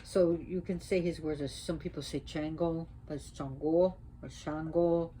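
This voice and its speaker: A woman with a lower-pitched voice explains religious tradition in a loose, chatty way. She retells an old story with lively swings in her voice. A faint hiss sits under her speech. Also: normal speed, rough recording. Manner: conversational, animated retelling. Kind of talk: casual storytelling lesson.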